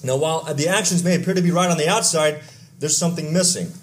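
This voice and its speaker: A pastor from Texas, preaching a conversational sermon with asides, stories and questions to the congregation. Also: male voice, a little high, quick pace, a little hiss or hum.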